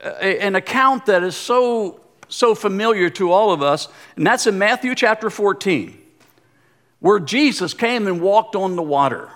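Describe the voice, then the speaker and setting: A man, a former pastor, giving a sermon with animated delivery and repeated phrases. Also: high voice, a little slow. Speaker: guest pastor, former pastor of the church.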